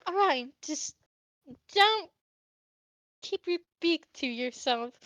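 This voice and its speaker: A woman's voice: high-pitched, lively intonation, slow, fairly bright tone, no echo, exaggerated voice. A woman voicing a stern female castle general, speaking formally with an attempted accent.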